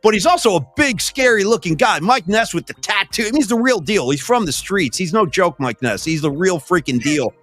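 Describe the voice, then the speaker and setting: Animated man telling stories. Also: sits high, a little fast, few pauses, no room sound, faint music behind. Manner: animated storyteller, laughs often. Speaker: podcast co-host. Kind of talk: casual podcast chat.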